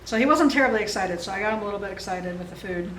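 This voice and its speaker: A woman's voice: mid-range voice, very fast, slight background noise. A woman dog training instructor explaining exercises in a friendly, easygoing way, chuckling often. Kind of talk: instructional seminar talk. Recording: roomy, distant mic.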